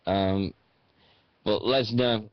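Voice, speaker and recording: A man's voice: lowish voice, fairly even intonation, extremely slow, no echo. A man hosting a radio show, chatting casually about wrestling in a rambling, hesitant way. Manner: rambling, hesitant with many fillers. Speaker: radio host. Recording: dull dry sound.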